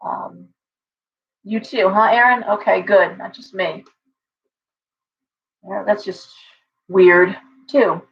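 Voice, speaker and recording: A woman's voice: medium pitch, takes it slowly, vocal fry, pauses often, highs cut off, slight background noise. Chatty woman hosting a home livestream. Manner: chatty and rambling, talking to her pet bird and viewers' comments. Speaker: livestream host and tarot reader. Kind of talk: casual livestream chat.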